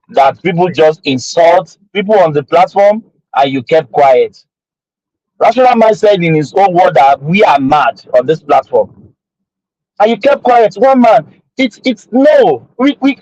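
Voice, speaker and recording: A man's voice: a little high, a little mellow, no echo. A Nigerian man in a heated live audio chat sounds agitated and pleading, stumbling and repeating words as he speaks. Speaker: discussion participant. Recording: dull lo-fi audio.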